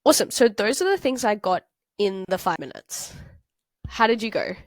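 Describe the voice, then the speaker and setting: Woman, young adult, from Australia, tutor, chatty, thinks aloud, middle pitch, dry recording. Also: very animated, moderate pace, dry recording. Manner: chatty, thinks aloud with fillers and self-corrections. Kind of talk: talking through a worked example.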